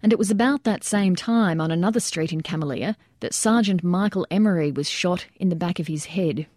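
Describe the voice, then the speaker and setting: Woman with a low, mellow voice narrating. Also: dry recording, studio quality. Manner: measured, steady storytelling that raises its voice for shouted quotes. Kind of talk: nonfiction audiobook narration.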